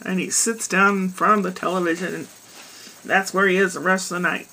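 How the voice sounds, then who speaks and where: A woman's voice: on the low side, little pitch movement, brisk, bright, forceful tone, poor audio. A woman hosting a weekly joke segment, telling a joke in a chatty, casual way. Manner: chatty storyteller.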